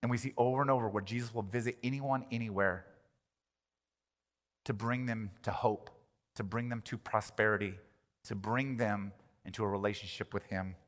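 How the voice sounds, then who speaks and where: A male pastor delivering a sermon, animated, swinging from loud emphatic lines to quiet ones. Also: lowish voice, moderate pace. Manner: animated, rises and drops in volume for emphasis. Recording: long reverb of a large hall.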